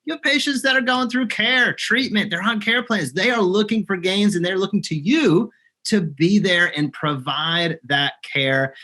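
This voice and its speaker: A man's voice: sits high, normal speed, bright, forceful tone. A man as a podcast guest, explaining his service in an earnest, emphatic way. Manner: earnest, emphatic business talk. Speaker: guest, locum service provider. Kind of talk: podcast interview.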